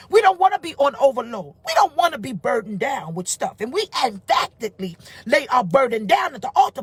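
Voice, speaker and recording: A middle-aged woman pastor preaching a live-streamed sermon, emphatic and informal, rising to shouts and reading out comments from viewers. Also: high-pitched, slightly rough, no echo.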